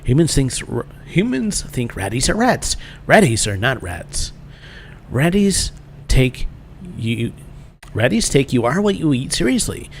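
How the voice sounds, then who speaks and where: A man's voice: mid-range voice, big pitch swings, a little slow, gravelly, slight background noise. A man voicing a fawning rat-creature shopkeeper in a game, who talks about himself in the third person with broken grammar.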